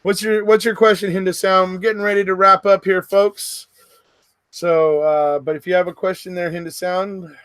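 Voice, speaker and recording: A middle-aged man from the West Coast of the United States hosting a casual livestream, chatting to viewers and rambling with quick laughs between remarks. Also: high voice, flat delivery, a bit bright, no echo. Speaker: livestream host.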